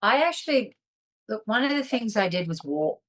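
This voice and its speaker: A woman's voice: on the high side, big pitch swings, normal speed, fairly bright tone. A woman, a guest on a video call, telling a personal story candidly with emotion and restarts. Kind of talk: casual video-call interview.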